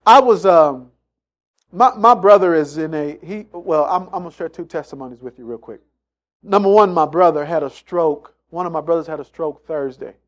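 A man's voice: fairly high pitch, normal speed. A man preaching a sermon, emphatic and repetitive, acting out the voices of people in his stories. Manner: emphatic, repeats phrases, acts out quotes in story.

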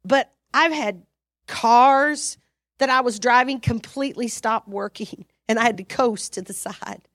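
A woman preaching a sermon, animated and exhorting, acting out her own prayers and conversations with sudden loud rises. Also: on the high side, a little slow, dry recording, clean studio sound.

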